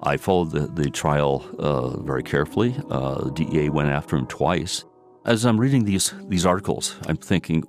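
Low-voiced man in his sixties, hesitant. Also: a little fast, over music. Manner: hesitant, repeats words and restarts. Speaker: interviewee telling his story. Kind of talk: personal storytelling.

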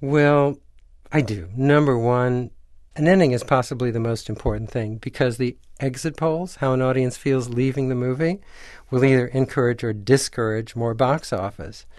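Older man telling a lively anecdote. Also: mid-range voice, normal speed, no echo, clean studio sound. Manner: animated anecdote teller, acts out quoted voices. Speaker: screenwriter guest. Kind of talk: radio interview storytelling.

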